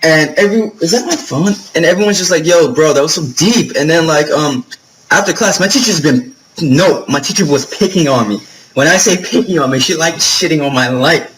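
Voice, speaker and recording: A man's voice: on the high side, brisk, a bit bright, a little hiss or hum, poor audio. Chatty, profane young guy vlogging. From New York. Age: young adult. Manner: chatty, profane storytelling with lots of fillers. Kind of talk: casual vlog monologue.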